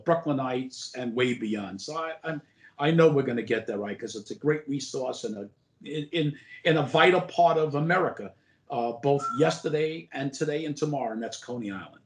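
An older man who is a former borough president, telling stories as an interview guest in a rambling way, with lots of "uh" and restarts. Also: medium pitch. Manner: rambling anecdotes full of "uh" and restarts. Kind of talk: casual interview storytelling. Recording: roomy echo.

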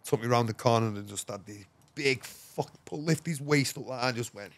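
A man's voice: medium pitch, moderate pace, no echo. An English man, a podcast guest, tells a rambling story in casual, slangy talk and swears often. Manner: rambling, swears often, slangy, fillers like "you know what I mean".

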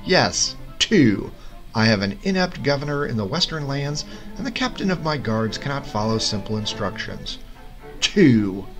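Guy doing a cranky king yelling at his guard captain, booming and scolding, music going behind. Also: big pitch swings, a little slow, poor audio. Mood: angry. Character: angry, exasperated male king.

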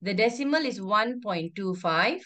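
A woman's voice: medium pitch, lively intonation, a little slow, bright, forceful tone. A woman teacher, teaching an online class over a video call, firmly repeating instructions and calling on pupils by name. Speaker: primary school teacher.

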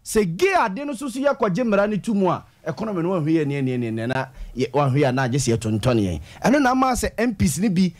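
Ghanaian male panelist, slightly high, lively voice, steady explanatory talk. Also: fast talker, hardly any pauses. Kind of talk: radio discussion.

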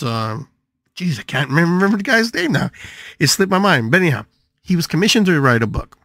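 An older man hosting a live podcast, talking through a monologue in an animated way, repeating phrases and swinging his pitch widely. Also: dry recording, clean studio sound. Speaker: podcast host and shamanic healer.

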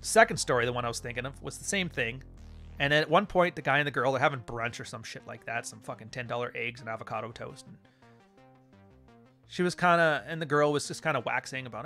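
Blunt, bright-voiced man telling stories. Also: mid-range voice, quick pace, soft background music. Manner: blunt and profane, storytelling with acted-out quotes. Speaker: podcast host. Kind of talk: casual monologue.

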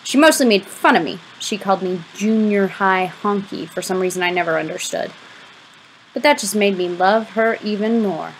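A woman reading a novel aloud as an audiobook, giving the first-person narration a lively, expressive delivery. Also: mid-range voice, moderate pace, a little hiss or hum, low-quality recording. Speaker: audiobook reader.

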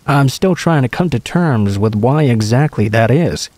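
A man reading true horror stories aloud in a calm, even storytelling manner. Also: medium pitch, measured pace, no room sound. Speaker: narrator. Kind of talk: scripted narration of horror stories.

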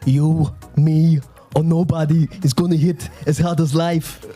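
A man putting on the voice of a tough male boxer giving a pep talk, slow and gravelly, with music playing softly behind. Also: fairly high pitch, little pitch movement, voice pushed up. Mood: gruff.

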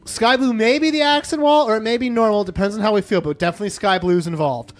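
A man hosting a casual gaming chat, excitable and teasing, with plenty of swearing. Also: sits high, fast, faint music behind. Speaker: host.

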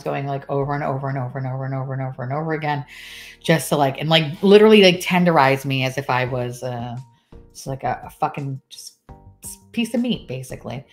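A chatty woman with a drawl swears freely and laughs often as she chats on a live stream. Her voice sits on the low side. Faint music plays in the background. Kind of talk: casual live-stream chat.

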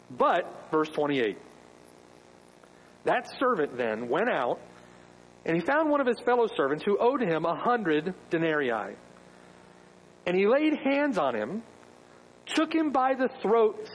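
A man's voice: fairly high pitch, a little hiss or hum, poor audio. A man preaching a sermon as pastor, emphatic, with rhetorical questions.

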